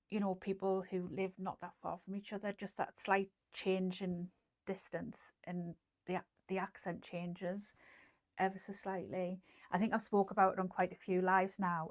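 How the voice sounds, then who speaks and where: A middle-aged woman hosting a casual sewing livestream, chatty and rambling, with lots of ums and likes as she demonstrates and answers viewers. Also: on the low side. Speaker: host.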